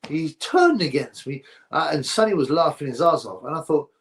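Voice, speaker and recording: A man's voice: on the high side, lively intonation, brisk, few pauses. A man hosting a boxing livestream, rambling through viewer comments and giving blunt opinions in casual chat. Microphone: streaming setup mic.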